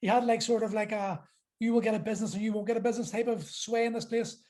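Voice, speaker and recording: An Irish man tells rowdy stories on a podcast, animated, laughing easily, swearing often. His voice sits high for a man. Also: fast. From Ireland. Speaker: podcast guest, MMA fighter. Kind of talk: casual storytelling.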